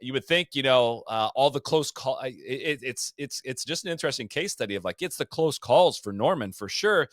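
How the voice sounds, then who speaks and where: A man on a podcast walking through old golf tournaments in a loose, animated way. His voice sits in a middle register, and he keeps stopping to restart his sentences. The sound is dry and close, with no room around it. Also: mid-range voice, moderate pace, few pauses, no room sound. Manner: animated storyteller, frequent fillers and restarts. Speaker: podcast co-host. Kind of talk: casual golf history chat.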